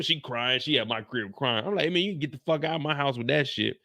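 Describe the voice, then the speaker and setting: Casting: male recap host, bright, gravelly, profane storyteller, dry close sound. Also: mid-range voice, quick pace, few pauses, dry recording. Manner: loud, profane, animated, acts out dialogue. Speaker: show host.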